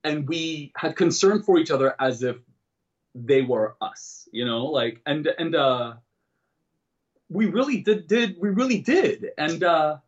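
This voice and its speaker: Animated man telling a candid story. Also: on the high side, unhurried, highs cut off. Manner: self-deprecating, jokes about dark topics; animated, switches into quoted voices. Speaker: comedian and guest. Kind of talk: candid personal storytelling in an interview.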